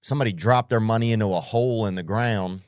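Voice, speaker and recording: Man, podcast host, comedic rambling monologue, profane, keyed up, low voice, dry close sound. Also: quick pace, clean tone, no echo.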